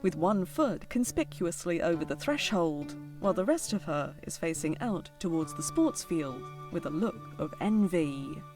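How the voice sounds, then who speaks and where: A woman giving scripted, even narration for a video game. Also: on the low side, moderate pace, hardly any pauses, music in the background, close to an everyday voice. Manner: even, descriptive storytelling.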